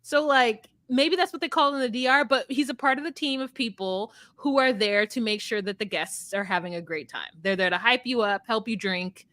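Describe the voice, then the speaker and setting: A woman's voice: moderate pace, hardly any pauses, dry recording. A woman co-hosting a casual recap chat, telling the story animatedly and acting out quotes. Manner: animated storyteller, acts out quotes in high voices. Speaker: podcast co-host.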